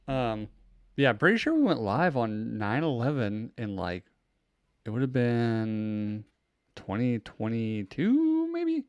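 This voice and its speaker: A man's voice: mid-range voice, very animated, slow pace, clear, resonant tone, dry recording, highs cut off. A man in his thirties hosting a podcast from home, talking in a loose, rambling way, restarting his sentences and swearing casually. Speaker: podcast host. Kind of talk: casual chat. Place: home room.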